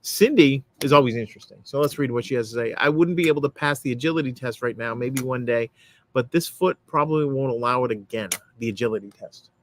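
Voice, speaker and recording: A man hosting a laid-back live stream, reading viewers' comments aloud as they come in. He rambles and stalls on fillers between thoughts. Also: mid-range voice. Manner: rambling, halting with fillers while reading chat. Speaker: host. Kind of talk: casual live-stream chat.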